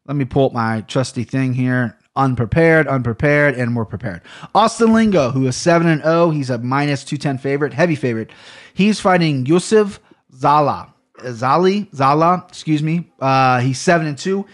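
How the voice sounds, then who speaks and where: A man hosting a sports betting podcast in a loose, rambling way, stopping to correct himself and circling back to his point. His voice sits at an ordinary pitch and his talk is easygoing. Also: lively intonation, normal speed. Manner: chatty, self-correcting, rambling. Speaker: podcast host. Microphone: headphones on a studio setup.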